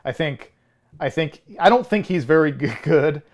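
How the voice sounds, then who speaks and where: A man's voice: fairly high pitch, lively intonation, normal speed, a little hiss or hum. A man in his thirties co-hosting a film podcast in casual chat, rambling with frequent restarts and chuckles. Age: 30s. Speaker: podcast co-host.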